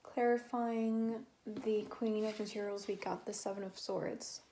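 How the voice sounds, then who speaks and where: A woman's voice: mid-range voice, little pitch movement, a little slow, dark tone, a little hiss or hum. A woman giving a casual tarot reading to her viewers, chatty and rambling, with many fillers and restarts. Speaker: tarot reader.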